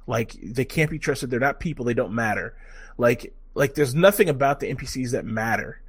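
A man giving a casual game review, excitable, swearing freely, full of fillers and restarts. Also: mid-range voice, normal speed, husky.

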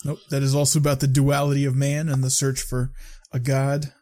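A man co-hosting a casual podcast, dropping dry, deadpan quips. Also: mid-range voice, a little fast. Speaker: podcast co-host.

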